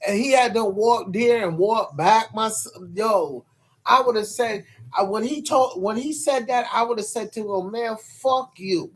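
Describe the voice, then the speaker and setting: High-voiced man rambling on a livestream. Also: normal speed, fairly bright tone, husky. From New York. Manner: rambling and profane, full of hesitations. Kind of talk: casual livestream chat.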